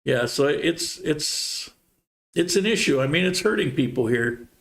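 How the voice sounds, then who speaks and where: A man hosting a casual livestream Q&A, reading viewer comments and answering in a relaxed, rambling way. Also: fairly high pitch, a little slow. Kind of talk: casual live Q&A chat.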